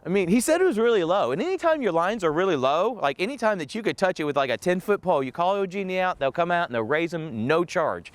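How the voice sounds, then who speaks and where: A man's voice: high voice, big pitch swings, fast talker, no room sound. A man, a real estate investor chatting casually as he walks through his rental units, laughing often. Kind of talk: casual walk-through vlog narration.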